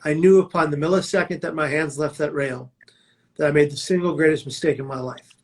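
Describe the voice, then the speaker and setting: A man's voice: a little high, steady tone, fairly quick, darkish tone. A man telling his own life story as a prevention speaker, in a vivid, dramatic way with emphatic quoted lines. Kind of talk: personal storytelling talk.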